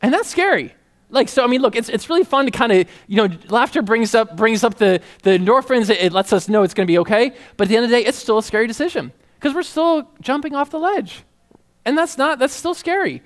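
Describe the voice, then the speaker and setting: This is a male preacher with a notably high voice who talks in a loose, chatty way. He is animated and keeps breaking into playful acted-out voices and laughter. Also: fast talker. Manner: animated, conversational, acts out voices, laughs often. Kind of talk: sermon.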